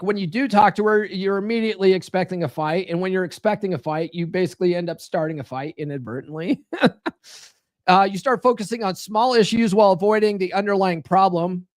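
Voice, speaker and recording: Fairly high-voiced guy, blunt and sweary, rambly coaching talk, dry close sound. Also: dry recording. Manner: blunt, profane, rambling with restarts. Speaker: relationship coach. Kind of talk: live stream advice talk.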